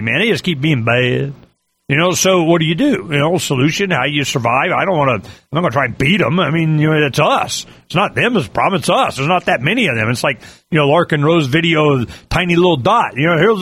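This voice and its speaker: A man delivering a rambling political monologue, full of fillers and animated asides. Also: high-pitched, dry recording. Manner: animated, repetitive fillers, mimics yelling.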